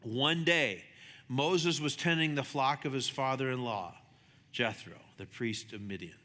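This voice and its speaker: A man preaching a sermon as a pastor, chatty and animated, acting out the voices in his stories. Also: a little slow. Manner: conversational, animated, acts out dialogue with shifting pitch. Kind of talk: sermon with storytelling. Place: church sanctuary. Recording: long hall reverb.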